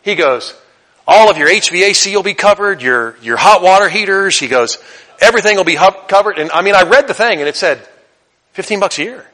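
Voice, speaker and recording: A man preaching a sermon as pastor, chatty and conversational, then building to loud, emphatic repetition. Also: high voice, expressive, a little fast.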